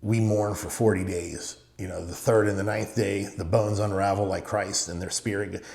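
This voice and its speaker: On a podcast, a middle-aged real estate owner from the Middle East recounts stories at normal speed in a lowish, slightly mellow voice with vocal fry and fairly even intonation. He's emphatic and repeats short phrases, and the studio sounds roomy and echoey.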